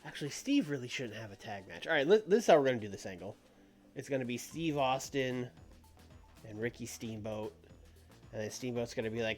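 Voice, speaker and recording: A man streaming a wrestling booking game, musing aloud and swinging from soft to loud. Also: medium pitch, expressive, moderate pace. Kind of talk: thinking aloud while playing a game. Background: faint music.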